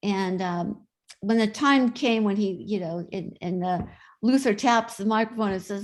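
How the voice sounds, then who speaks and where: A woman's voice: medium pitch, moderate pace. Chatty woman telling anecdotes. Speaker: guest. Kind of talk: casual interview storytelling.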